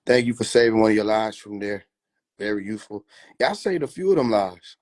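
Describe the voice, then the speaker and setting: A man's voice: lowish voice, expressive, fairly quick, darkish tone. A man chatting casually on a phone livestream, loose and profane, laughing often. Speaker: livestream host.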